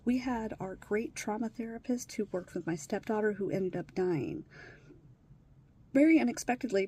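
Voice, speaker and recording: A deeply upset woman speaking bluntly as she tells a personal story to her camera, swearing freely and often sinking to a whisper. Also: darkish tone, slight background noise. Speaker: vlogger sharing her life with trauma.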